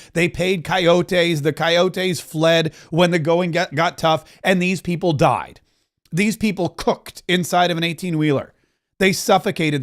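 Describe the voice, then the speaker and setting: A man hosting a podcast, giving impassioned political commentary full of repetition and restarts. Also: a little high. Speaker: podcast host.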